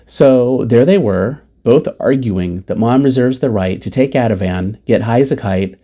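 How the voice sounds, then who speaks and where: A man's voice: mid-range voice, moderate pace, warm tone. A man who hosts a podcast and is a caregiver, reading diary entries with asides in a blunt, wry, profane way.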